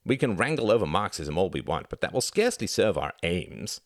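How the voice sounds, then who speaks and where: A man's voice: low-pitched, big pitch swings, fairly quick, no room sound, studio quality. A man voicing a condescending young male student who lectures confidently on Marxism. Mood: lecturing.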